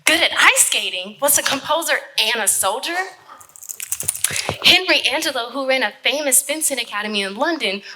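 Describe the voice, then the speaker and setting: Sassy, bright-voiced woman. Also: on the high side, a little hiss or hum, poor audio. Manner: sassy, incredulous, playful. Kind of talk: comedic live stage skit.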